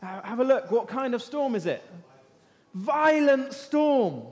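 A man teaching an interactive Bible lesson as an animated storyteller, asking his listeners questions. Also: very high voice, brisk. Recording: long echo of a large hall.

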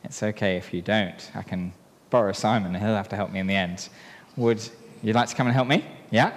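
A man preaching a sermon in a church, telling a story and drawing helpers into it in a playful, lively way. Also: lowish voice, a little fast. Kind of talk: sermon with a live object lesson. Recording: long reverb in a hall.

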